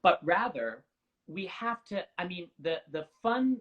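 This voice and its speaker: A man's voice: sits high, sing-song, a little slow, dull audio. A young man speaking as an opera singer guest in an interview, articulate, earnest and reflective. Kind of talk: conversational interview.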